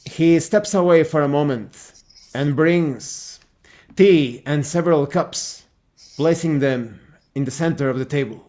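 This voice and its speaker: A man narrating as game master of a tabletop horror game in a measured, descriptive way. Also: on the high side, a little mellow.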